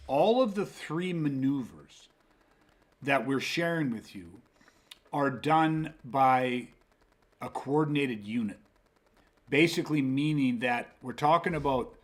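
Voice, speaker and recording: A male podcast host walks through self-defense tactics in loose, casual talk, and his voice sits at an ordinary, mid-range pitch. He speaks emphatically, drops curse words freely and often restarts his sentences as he thinks aloud. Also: fairly bright tone. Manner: emphatic, profane, rambling with restarts.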